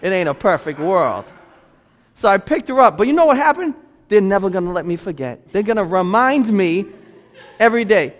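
High-voiced preacher in a reverberant church. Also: male voice, fairly quick. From United States. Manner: lively, conversational preaching with rhetorical questions. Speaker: pastor. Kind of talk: sermon. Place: church sanctuary. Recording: church hall with long reverb.

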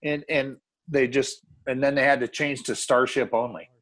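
A man co-hosting a casual music podcast, talking eagerly and fast about albums he loves. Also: medium pitch. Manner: enthusiastic, animated, talks fast. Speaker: podcast co-host.

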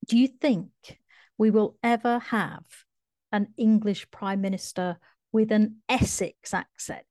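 A woman podcast host putting measured, deliberate questions to a guest. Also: fairly high pitch, dark tone, dry recording, clean studio sound. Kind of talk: interviewing a guest.

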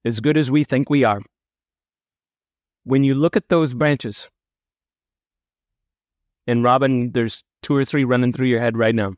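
A man hosting a podcast discussion, talking briskly and animatedly as he steers the conversation. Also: medium pitch, fairly even intonation, no echo. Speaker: podcast host.

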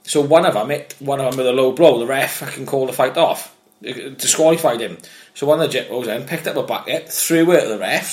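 A man and former amateur boxer, telling animated, swear-filled anecdotes in casual chat. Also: a little high.

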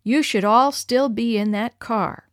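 A woman's voice: a little high, a little slow, no room sound, studio quality, close to an everyday voice. Folksy country sheriff, read by a woman. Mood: amazed. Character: kindly small-town sheriff, grown man.

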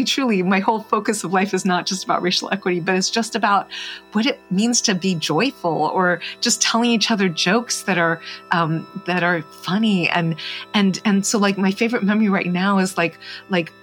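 A married woman guest in an interview, speaking earnestly and reflectively, often pausing and restarting with fillers. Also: mid-range voice, a bit bright. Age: adult, married. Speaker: podcast guest.

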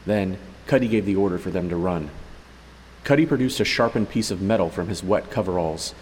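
A man narrating a story in a steady, even way, as an audiobook reader. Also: sits low, fairly quick, in a large hall, slight background noise, poor audio. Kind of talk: scripted narration.

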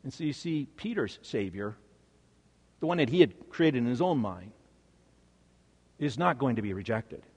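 A male preacher delivering a sermon with dramatic storytelling, swinging from hushed to emphatic. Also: medium pitch, expressive, moderate pace, long pauses, slightly rough, big-room sound.

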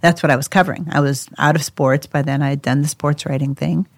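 Woman, casual storytelling, animated, lots of laughter, slightly gravelly, dry close mic. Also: low voice, a little fast, no room sound. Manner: animated, laughs often, acts out quoted voices. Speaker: co-host sharing her life story.

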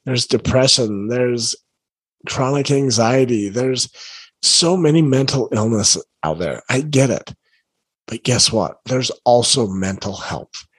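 A parenting coach, a man, talks straight to his viewers in an earnest, encouraging way, circling back to the same phrases. His voice is a little husky and tired from the late hour. The sound is dry and close, with no room around it. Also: mid-range voice, slow, no echo, low-quality recording. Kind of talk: casual direct-to-camera talk.

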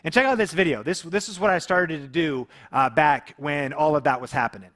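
A man's voice: fairly high pitch, a little fast, fairly bright tone. A man in his thirties from the Seattle area, a YouTube creator telling a personal story to camera and acting out phone calls. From Seattle area, USA.

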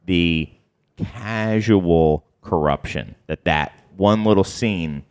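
A man with a very low voice hosts a relaxed podcast conversation about an old film. He rambles, laughs a lot and retells scenes with quick quoted lines. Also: clear, resonant tone. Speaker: podcast host. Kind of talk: casual movie chat.

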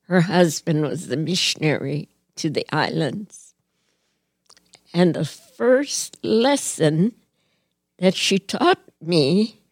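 An older woman from Hawaii slowly telling a personal story from her childhood, with an earnest, gently reflective manner. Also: fairly low pitch, no echo, studio quality. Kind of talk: personal reminiscence.

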